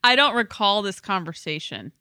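A woman's voice: mid-range voice, lively intonation, moderate pace, bright, forceful tone, clean tone, dry recording, studio quality. A woman co-hosting a casual chat, wry and teasing, casting herself as the more conservative friend. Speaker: podcast co-host.

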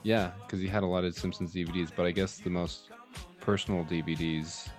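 A man's voice: deep voice, steady tone, a little fast, soft background music. A young man co-hosting a casual podcast, speaking hesitantly with frequent ums. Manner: hesitant, lots of ums and soft restarts. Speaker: podcast co-host. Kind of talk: casual chat.

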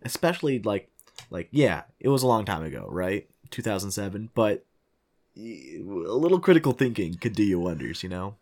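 A man co-hosting a casual movie chat, with a very deep voice that still swings widely in pitch. He critiques the film in a relaxed, dry way. His remarks come in easy, unhurried stretches. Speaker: podcast co-host.

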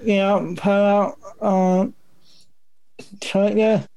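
A man with a high, smooth voice joins a casual gaming chat, mostly with short replies. He speaks slowly and without hurry. The recording is dry and close to the mic. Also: little pitch movement, dark tone, no room sound. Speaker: podcast co-host.

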